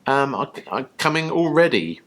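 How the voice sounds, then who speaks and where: A man's voice: medium pitch, sing-song, normal speed, a bit bright. A man from the UK co-hosts a casual, tipsy chat, wandering from joke to long rambling story. His voice swings widely up and down as he talks. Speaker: co-host.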